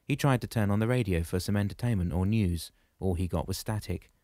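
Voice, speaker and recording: An audiobook narrator, a man with a lowish voice, reads a novel aloud in steady, measured scripted narration. The studio sound is clean, with no echo.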